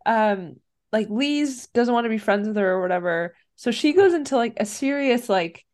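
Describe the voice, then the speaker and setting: Woman recapping a movie, slightly high. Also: lively intonation, moderate pace, a little mellow. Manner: recounts plot animatedly, acts out lines. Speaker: podcast co-host. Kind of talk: casual movie recap chat.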